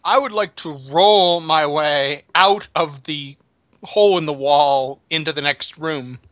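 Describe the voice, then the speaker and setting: Slow-talking joking male player. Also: fairly high pitch, fairly bright tone, dry recording. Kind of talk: tabletop game chat.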